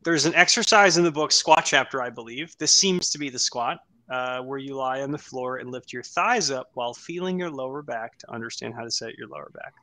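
Bright-voiced chatty male coach. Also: medium pitch, brisk, hardly any pauses. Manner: chatty, joking, many fillers and restarts. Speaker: strength coach co-host. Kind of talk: casual podcast chat reviewing lifts.

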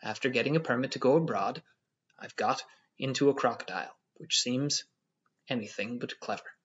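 Guy doing a smug calm clerk, lecturing, husky voice, dull lo-fi sound. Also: mid-range voice. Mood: pompous tranquil. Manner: measured, lecturing tone. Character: pompous male civil servant, calm and self-important. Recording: dull lo-fi audio.

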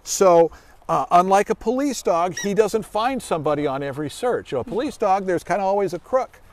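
Middle-aged male dog handler with a high-pitched voice; goofy animated praise for his dog, relaxed explanations for kids. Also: a little fast, noisy background. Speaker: search and rescue dog handler. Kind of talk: demonstration for children.

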